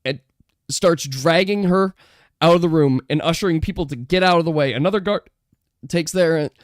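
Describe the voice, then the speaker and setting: A game master narrating a tabletop game in a lively way, laughing and making quick asides to the players, on a close, dry mic. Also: mid-range voice, dry recording.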